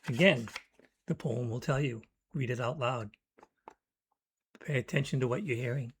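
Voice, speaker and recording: A man with a medium-pitched, slightly breathy voice teaches how he writes poetry, speaking at a moderate pace. He reflects thoughtfully and reads brief word examples aloud as part of this educational talk.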